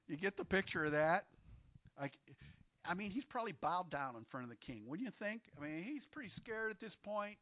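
A man's voice: sits high, very animated, fairly quick, no room sound. A male pastor preaching a sermon in a conversational way, quizzing the congregation with questions. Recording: dull, lo-fi sermon audio.

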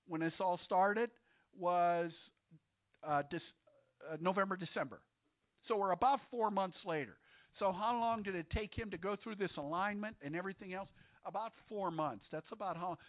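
High-voiced male preacher, lo-fi. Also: expressive, normal speed, dry recording. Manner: conversational, quizzes the congregation with questions. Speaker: pastor. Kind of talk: sermon. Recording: dull, lo-fi sermon audio.

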